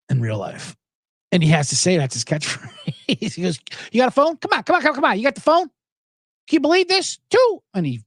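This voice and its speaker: A man hosting a podcast, chatting casually and rambling through stories, acting out other people's lines in loud, higher voices. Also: creaky, dry recording, studio quality. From South Jersey, USA. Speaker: podcast host. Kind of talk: casual chat.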